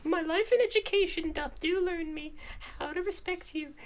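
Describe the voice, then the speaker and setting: A man voicing a dutiful young noble woman in a comic script reading, earnest and softly pleading. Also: very high voice, moderate pace.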